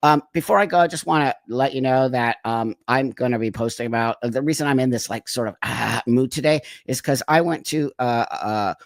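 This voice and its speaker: A man's voice: mid-range voice, a little fast, creaky, few pauses, dry recording. A man hosting his own channel, talking in a blunt, emphatic commentary monologue and repeating words when heated. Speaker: channel host. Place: Los Angeles.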